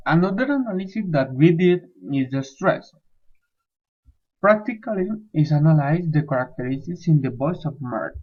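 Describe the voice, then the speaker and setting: A man with Spanish as his first language giving a class presentation, slow and halting, reading points one by one. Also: on the high side. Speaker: student presenter. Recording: tinny phone-like line.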